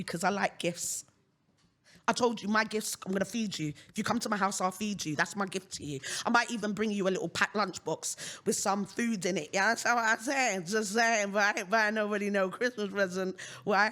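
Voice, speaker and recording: Speaking on her own podcast with a British accent, this host delivers a bold, outspoken rant, constantly checking in with "you understand what I'm saying?" Her tone is forceful and bright, pitched on the high side.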